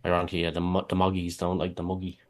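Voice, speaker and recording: A man's voice: low voice, completely flat delivery, fast talker. A man with an Irish accent co-hosting a podcast in easygoing, rambling casual chat. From Ireland. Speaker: podcast co-host.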